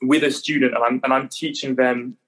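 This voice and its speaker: A man's voice: mid-range voice, fairly quick, poor audio. A young English man in his twenties, a guest on a call, talking casually and hesitantly, often repeating himself. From England. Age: 20s. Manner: relaxed, hesitant, repeats words. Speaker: guest, conservatoire pianist. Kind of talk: casual interview chat.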